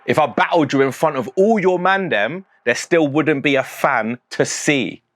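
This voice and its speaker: A man's voice: fairly high pitch, moderate pace, a bit bright, no echo. A man from St Albans with a southern English accent, casually breaking down his own rap lyrics, chatty and full of slang, laughing at his own jokes. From St Albans, England. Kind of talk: casual explanation.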